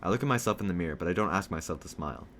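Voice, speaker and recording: A man reading a novel aloud, telling a first-person story in a steady storytelling manner. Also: deep voice, rapid-fire, slight background noise. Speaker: reader.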